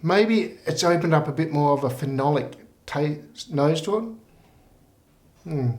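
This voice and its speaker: Male reviewer, slightly high voice, relaxed and rambling, roomy echo. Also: unhurried. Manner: relaxed, rambling, many fillers. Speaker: whisky reviewer. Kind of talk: casual tasting review.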